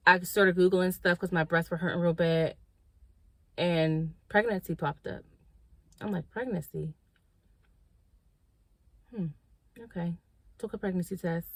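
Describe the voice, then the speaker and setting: Lowish-voiced woman vlogger doing a storytime, slangy, acts out the dialogue, dry close sound. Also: no room sound. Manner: animated storytelling, acting out quoted dialogue; slangy, direct, addresses viewers as y'all. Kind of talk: storytime vlog.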